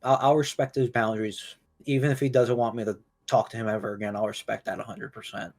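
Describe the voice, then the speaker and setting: A man's voice: lowish voice, level tone, a little mellow. A man on a voice call, crying and stammering as he talks. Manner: halting, stammering. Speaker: call participant. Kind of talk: emotional voice call.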